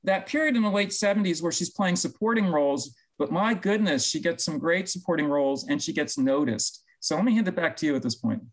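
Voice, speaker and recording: A man with a somewhat high-pitched voice co-hosts a relaxed talk show. He talks in long, winding stretches and often restarts a thought partway through. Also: fairly quick, hardly any pauses, rough recording. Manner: talkative, long-winded, self-correcting. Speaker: co-host. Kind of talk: casual chat.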